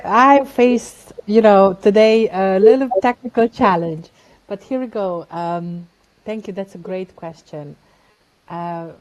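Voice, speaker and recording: A woman coach on a video call, giving measured advice. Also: mid-range voice, darkish tone, dull audio.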